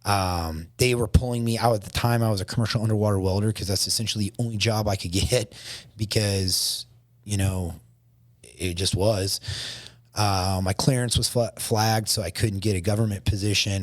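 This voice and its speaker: A man, a podcast guest, shaken and emotional, telling his story haltingly with many restarts. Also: fairly low pitch, steady tone, no room sound, studio quality.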